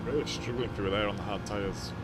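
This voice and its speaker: A very tired man giving casual commentary while he livestreams a racing game, low-key, trailing off and groaning between remarks. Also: a little fast, very noisy. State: very tired, yawning. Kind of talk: casual live-stream commentary.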